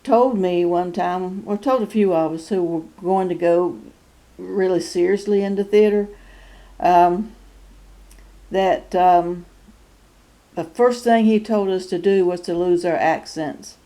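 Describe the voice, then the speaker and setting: A woman in her sixties with a North Carolina Southern accent, talking casually to camera in a halting way with many fillers and frequent chuckles. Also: on the low side, warm tone. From North Carolina, USA. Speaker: YouTube channel host. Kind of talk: casual personal vlog.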